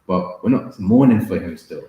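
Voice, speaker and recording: A man with a low, deep voice talks through a Bible lesson and reads scripture in a measured way. The sound carries heavy echo from the room around him. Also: lively intonation, narrow, tinny audio. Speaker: Bible study co-host and reader. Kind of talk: casual Bible study teaching and scripture reading. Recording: echoey room.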